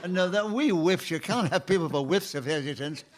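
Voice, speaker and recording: High-voiced genial man chairing a panel game. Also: animated, a little fast, slight background noise. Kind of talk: hosting a radio comedy panel game. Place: radio studio with a live audience.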